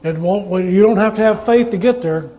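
A man's voice: high-pitched, a little fast, mellow, poor audio. A man preaching a sermon as pastor, in an easygoing, conversational way, asking the congregation rhetorical questions and telling folksy stories.

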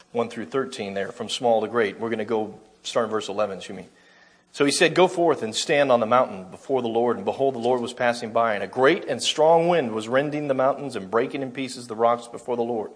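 Male preacher, husky voice, reads scripture then explains it in plain sermon talk. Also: mid-range voice. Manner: reads scripture aloud, then explains it, with small self-corrections.

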